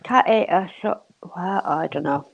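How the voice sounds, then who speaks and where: A woman's voice: fairly low pitch, unhurried, vocal fry, lo-fi sound, background noise. A playful, chatty woman joining a live stream over an online call. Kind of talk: casual chat.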